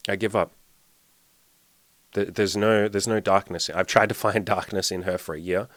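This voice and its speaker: Blunt low-voiced male podcast coach. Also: fairly even intonation, moderate pace, a bit bright, no echo. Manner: blunt, swears often, repeats himself when emphatic. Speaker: dating and self-improvement coach, podcast host. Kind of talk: candid solo podcast monologue.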